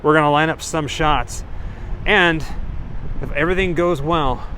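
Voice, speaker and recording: Upbeat male vlog host, slightly high. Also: a little slow, pushed and bright, slight background noise. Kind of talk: casual vlog walkthrough. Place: outdoors on a studio lot, then inside a soundstage.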